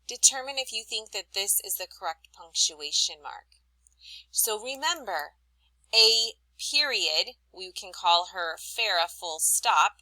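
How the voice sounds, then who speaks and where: Woman, teacher, recorded lesson for kids, expressive read-aloud, dry close sound. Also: on the high side, dry recording, low-quality recording. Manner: clear, expressive reading aloud to young learners.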